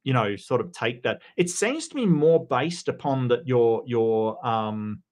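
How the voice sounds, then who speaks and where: An Australian man talks casually on a livestream in a mid-pitched voice. He rambles loosely, restarts his sentences often and greets viewers by name between comments. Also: expressive, measured pace, darkish tone. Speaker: livestream host.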